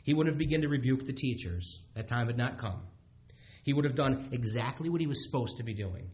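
A man preaching a sermon in a halting way, with frequent restarts and fillers, on a dull lo-fi recording. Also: mid-range voice, expressive, breathy edge. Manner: halting, many restarts, acts out quotes.

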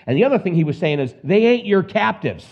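Animated preacher man, lively pitch. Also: fast, slightly rough. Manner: animated, acts out scenes with put-on voices and asides. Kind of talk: expository Bible sermon. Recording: dull lo-fi recording.

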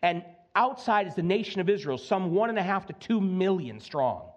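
Male pastor, high voice, swoops up and down, sermon, conversational, muffled recording. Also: normal speed. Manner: animated, conversational, acts out voices, keeps asking "okay?". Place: church sanctuary.

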